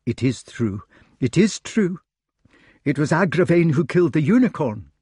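A man voicing a young knight, numb with grief, speaking in a halting, dazed way. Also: on the high side, very animated, darkish tone, slightly rough, no room sound, studio quality, voice pushed up. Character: young grieving male knight, stunned and numb.

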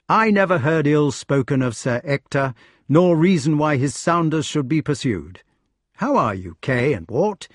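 A man's voice: on the high side, sing-song, measured pace, dry recording, clean studio sound, voice pushed up. A man voicing a cheerful, shrewd male outlaw leader in a storybook reading, with a hearty, commanding manner.

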